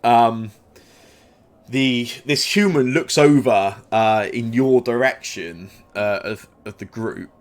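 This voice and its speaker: A man narrating as game master in a tabletop game, pausing often and restarting his sentences as he describes the scene. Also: medium pitch. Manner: hesitant, many fillers and restarts.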